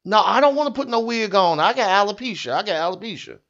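A woman's voice: mid-range voice, lively intonation, quick pace, a bit bright, muffled recording. A man impersonating a self-pitying woman who keeps repeating her complaint, in a satirical rant. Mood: whiny. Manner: repeating the same complaint over and over.

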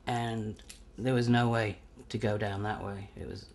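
Gravelly-voiced English man telling a story. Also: on the low side, measured pace, slight background noise. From England. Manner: animated, acts out quoted voices. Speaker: interviewee. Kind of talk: anecdotal storytelling.

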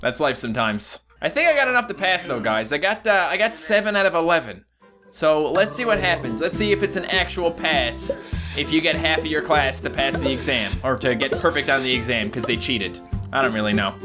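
A man giving casual gameplay commentary, excitable and jumping to high yelps when things go wrong. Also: fairly quick, music in the background. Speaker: gaming YouTuber.

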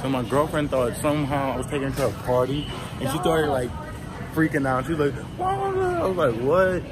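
A man's voice: mid-range voice, fairly even intonation, fast. A young man vlogging casually, teasing his friends and rambling with fillers, recorded on a handheld camera. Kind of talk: casual vlog chat. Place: bowling alley. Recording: loud music and crowd at bowling alley.

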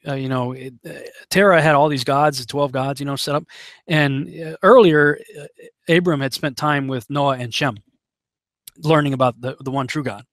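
A man's voice: a little high, dry recording, clean studio sound. A man teaching a house-church sermon in a casual, chatty way, mixing storytelling with scripture readings. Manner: conversational, with many fillers and restarts, reads scripture aloud. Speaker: Bible teacher.

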